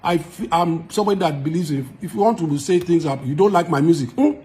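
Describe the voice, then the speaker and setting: A man's voice: fairly high pitch, fast talker, a little hiss or hum. A man from Nigeria with a Nigerian accent, a musician giving an emphatic statement straight to camera. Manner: emphatic, quotes others in lively bursts.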